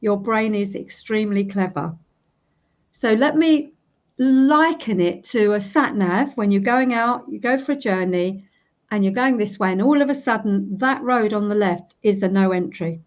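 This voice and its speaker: A woman's voice: mid-range voice, normal speed. A woman in her fifties, a practitioner being interviewed, explaining her technique and acting out sample self-talk as she goes. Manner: demonstrative, acts out sample self-talk while tapping. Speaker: EFT practitioner, guest. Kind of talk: casual interview. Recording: dull lo-fi recording.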